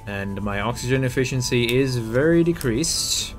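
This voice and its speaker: A man's voice: medium pitch, moderate pace, over music. A young man giving casual, jokey gameplay commentary, muttering to himself and yelping in panic as he plays. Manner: excitable, jokey, yelps and mutters while playing. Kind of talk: casual let's-play commentary.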